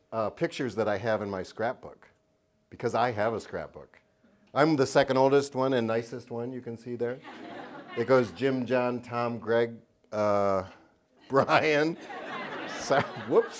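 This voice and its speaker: Guy author doing a funny talk in a lecture hall, jokey and self-mocking, laughs a lot. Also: mid-range voice. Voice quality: joking, self-mocking, laughs often between lines. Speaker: children's book author giving a talk. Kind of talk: humorous lecture to an audience. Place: lecture hall at a university event.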